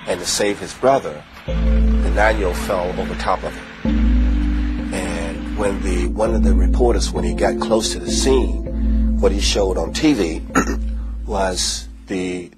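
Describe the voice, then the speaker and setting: A very deep-voiced man tells a heavy story slowly, stopping to gather himself between phrases. Loud music runs beneath his voice throughout. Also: low-quality recording. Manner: slow, grave, with pauses. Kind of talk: emotional storytelling. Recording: loud music bed under voice.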